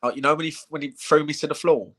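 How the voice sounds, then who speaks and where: A man's voice: a little high, fast talker. A man, a bare-knuckle fighter, telling stories in a casual live-stream chat, swearing freely and acting out the lines of people in them. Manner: animated storyteller, heavy swearing, acts out quotes.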